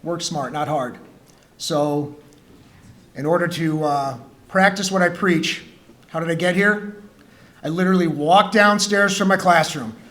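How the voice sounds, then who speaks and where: A man, a high school teacher, telling a humorous personal story to students in a school gym, acting out the dialogue. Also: unhurried, long pauses. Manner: joking, animated storyteller who acts out dialogue.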